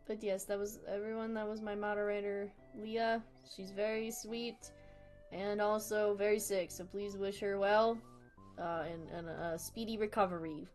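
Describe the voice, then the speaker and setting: A woman's voice: mid-range voice, steady tone, moderate pace, a little mellow, soft background music. A woman streaming herself drawing, chatting casually with viewers, giggly and rambling, often laughing at herself. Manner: giggly, rambling, self-deprecating. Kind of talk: casual livestream chat.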